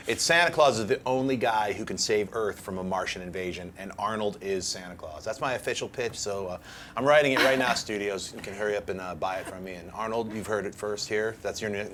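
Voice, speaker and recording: A man on a movie news panel, talking in a relaxed, joking way and trailing into fillers. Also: fairly low pitch. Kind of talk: casual panel chat.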